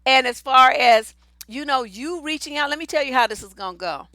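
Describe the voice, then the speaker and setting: Blunt, high-voiced woman advice host. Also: expressive, fairly quick, bright, forceful tone, no room sound. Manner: blunt, profane and emphatic. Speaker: relationship coach and host. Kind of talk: livestream advice show.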